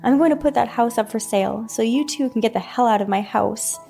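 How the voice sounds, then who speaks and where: A woman's voice: medium pitch, normal speed, vocal fry, mellow, soft background music, close to an everyday voice. A woman voicing an older mother who, after years of putting up with abuse, firmly stands up to her son. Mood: defiant. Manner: shaky but firm, speaking up at last. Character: older mother, long-suffering but defiant.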